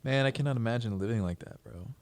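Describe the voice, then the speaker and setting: A young man co-hosting a casual podcast, laid-back and quick to laugh. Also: medium pitch, no echo. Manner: laid-back, laughs often, says "bro" and "dude". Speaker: podcast co-host.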